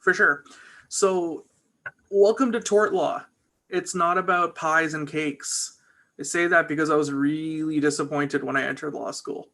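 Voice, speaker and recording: A man's voice: a little high, steady tone, measured pace, creaky, bright, forceful tone. A man who works as a trial lawyer, chatting casually and energetically as a guest in an interview.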